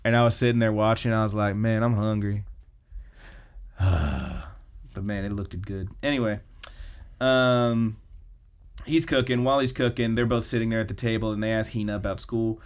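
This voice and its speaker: Smooth-voiced man recapping anime casually. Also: fairly low pitch, normal speed. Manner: chatty, acts out characters' lines. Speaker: podcast co-host.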